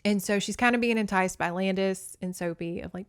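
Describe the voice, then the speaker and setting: A woman's voice: medium pitch, normal speed, few pauses, smooth, dry recording. Woman doing a casual book recap podcast, swears a lot, acts out the characters, dry close sound. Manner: candid and profane, with frequent swearing; animated storyteller who acts out the characters' lines. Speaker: podcast host.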